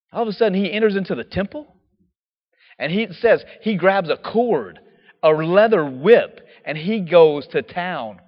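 A man preaching a sermon in a lively, casual way, full of slang and acted-out quotes. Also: high voice, big-room sound, dull audio.

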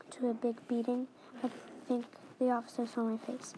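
Junge Frau liest stockend eine eigene Geschichte vor. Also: female voice, a little high, completely flat delivery, warm tone, poor audio. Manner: halting, restarts phrases, reads in first person. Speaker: reader of her own story. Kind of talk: reading a homemade story aloud. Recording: faint background noise.

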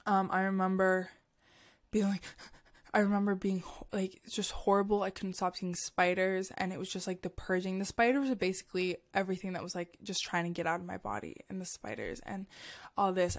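Emotional young woman telling a story. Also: lowish voice. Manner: emotional, halting, many fillers. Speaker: podcast host. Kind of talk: personal storytelling.

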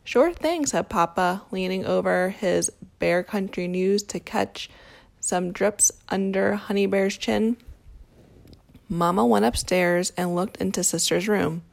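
A woman reads a children's picture book aloud at a calm, steady pace. Her voice sits at a middle pitch with a gravelly fry running through it. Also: takes it slowly. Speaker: storybook reader.

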